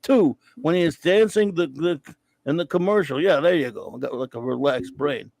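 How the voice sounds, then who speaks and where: A man doing a comic impression of a punchy, slow-witted boxing champ who mumbles and halts. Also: fairly high pitch, creaky, darkish tone, no room sound. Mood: dopey. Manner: mumbling, halting, drawling.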